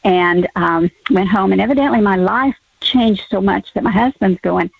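An older woman calling in to a radio show, telling a personal story with hesitant pauses and fillers. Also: medium pitch, gravelly, husky, no room sound. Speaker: caller. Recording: tinny phone line.

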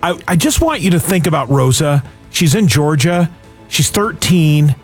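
Animated earnest male radio host. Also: on the high side, normal speed, faint music behind. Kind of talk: fundraising radio talk.

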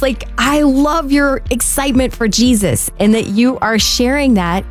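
A woman co-hosting a fundraising radio show, warm and enthusiastic as she reads donor stories. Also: high-pitched, measured pace, soft background music. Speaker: radio co-host.

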